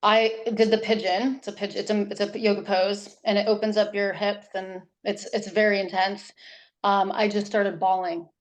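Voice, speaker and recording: A woman guest talks about her parenting work in a loose, animated interview style. She rambles and restarts her sentences often. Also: mid-range voice, normal speed. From New Hampshire. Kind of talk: casual interview talk.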